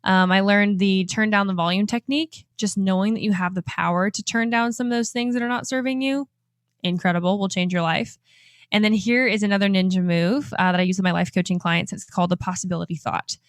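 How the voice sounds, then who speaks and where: A young woman in her twenties talks straight to her listeners like a life coach, bright and upbeat, breaking into laughter often. Her voice sits in a middle register. The sound is close and dry, with no room around it. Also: medium pitch, steady tone, brisk, clear, resonant tone, no room sound. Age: 20s. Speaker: podcast host and life coach. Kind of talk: motivational podcast monologue.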